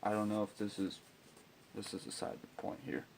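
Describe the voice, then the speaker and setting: A young man telling an exasperated, profane story about school, breaking into loud outbursts. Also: on the low side, steady tone, moderate pace, gravelly, a little hiss or hum. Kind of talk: ranting storytime vlog.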